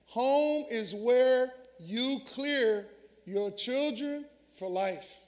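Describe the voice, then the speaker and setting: A man's voice: extremely high pitch, drawn-out words. A man preaching a sermon as pastor, talking with the congregation in call-and-response. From Southern US. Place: large church sanctuary. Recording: long hall reverb.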